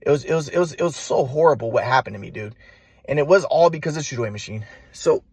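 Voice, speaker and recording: Fast-talking husky young man ranting. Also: medium pitch, darkish tone, no echo. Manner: profane, restless, many restarts. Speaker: vlogger. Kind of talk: rambling personal monologue.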